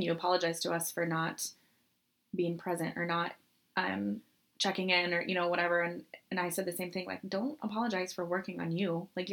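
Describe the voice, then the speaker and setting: A young woman co-hosting a casual chat, telling a long story with lots of laughs and acted-out quotes. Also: fairly low pitch. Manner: chatty storyteller, laughs often, acts out quotes. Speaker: podcast co-host.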